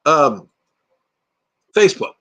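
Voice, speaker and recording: A man's voice: slow pace, fairly bright tone. An older man hosting a casual livestream from home, chatting with viewers, reading their comments aloud and laughing often. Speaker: livestream host. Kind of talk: casual live chat with viewers. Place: home room with green screen.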